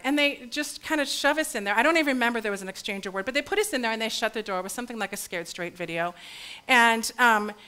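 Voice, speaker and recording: A woman's voice: a little high, sharp tone. A middle-aged woman who runs a recovery school, telling a candid story on stage with lots of fillers and asides. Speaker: educator, recovery school leader. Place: stage at a live talk event.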